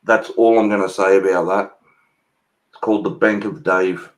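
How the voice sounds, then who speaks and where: A man's voice: low voice, steady tone, moderate pace, rough recording. An Australian man hosting a casual chat, telling stories bluntly and swearing freely. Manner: swears freely, brash storytelling.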